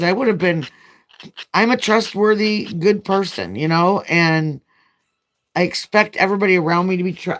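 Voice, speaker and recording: A woman chatting casually as a nail vlogger while she does her nails, telling a long, frank, rambling story. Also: lowish voice.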